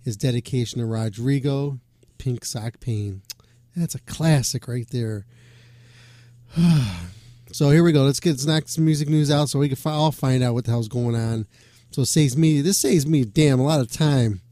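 Dude rambling on a rock radio show, mellow voice, jokey and cussing, dry sound. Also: male voice, medium pitch, moderate pace, no room sound. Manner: loose, swearing, joking asides. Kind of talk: casual rambling radio talk.

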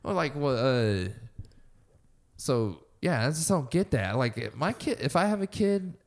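A young man in casual conversation, blunt and ranting, with heavy swearing. His voice sits at an ordinary mid pitch. He talks the way friends talk off the cuff. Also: very animated, measured pace. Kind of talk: casual chat.

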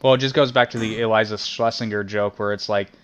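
A man's voice: on the low side, steady tone, fast, clear, resonant tone, lo-fi sound. A man co-hosting a podcast in casual banter, earnest and opinionated as he lays out his arguments. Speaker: podcast co-host.

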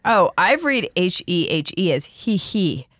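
A woman's voice: lowish voice, sing-song, unhurried, fairly bright tone, no echo, studio quality. A woman co-hosting a casual chat, blunt and opinionated in her reactions. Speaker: podcast co-host.

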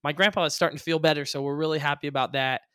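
A man co-hosting a marriage podcast, speaking earnestly and haltingly, often repeating himself. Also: a little high, steady tone, fairly bright tone, clean tone, dry recording, studio quality. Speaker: podcast co-host. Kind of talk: casual chat.

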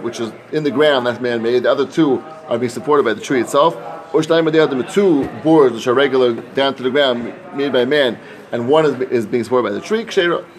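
Fast sing-song Talmud study leader. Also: male voice, mid-range voice. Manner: quick sing-song chanting mixed with plain explanation. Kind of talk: casual Talmud study session.

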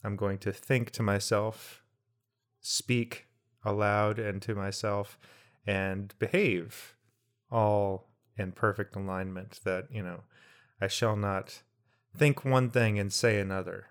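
A middle-aged man co-hosting a relaxed podcast, talking in a thoughtful, wandering way. He breaks his reflections with wry jokes and often restarts his sentences. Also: fairly low pitch, slow pace. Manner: reflective, jokey asides, trailing restarts. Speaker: podcast co-host. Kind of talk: casual conversational podcast.

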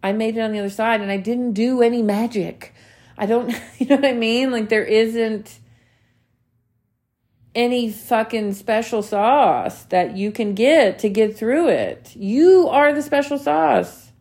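This woman in her thirties has a fairly high yet slightly dark voice and talks a bit slowly. On her own motivational podcast she addresses listeners earnestly and with emphasis, repeating key phrases and cursing in an offhand way.

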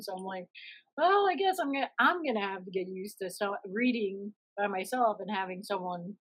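A woman in her thirties in casual conversation, telling stories in an animated way and often laughing. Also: mid-range voice, rough recording.

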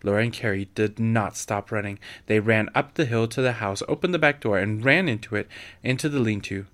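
A man with a fairly low voice reads a storybook aloud. His narration is measured and steady. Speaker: reader.

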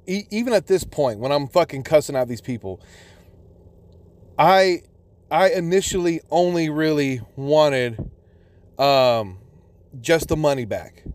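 A man telling a personal story in a casual, profane, rambling way, full of restarts. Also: a little high.

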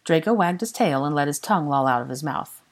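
Woman narrator, deep voice, lively storybook reading. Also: a little fast. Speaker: fan audiobook reader.

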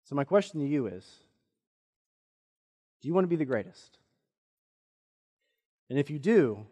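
Guy preaching a sermon, earnest, kinda high voice, echoey church hall. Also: measured pace, long pauses, slightly rough. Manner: earnest storytelling, quotes others in lively voices. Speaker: pastor. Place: church sanctuary. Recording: long church reverb.

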